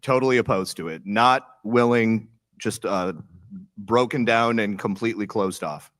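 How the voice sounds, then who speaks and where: Bright-voiced man chatting, laughing often. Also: fairly low pitch, normal speed, no room sound, clean studio sound. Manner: laughs often while telling stories. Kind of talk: casual political chat.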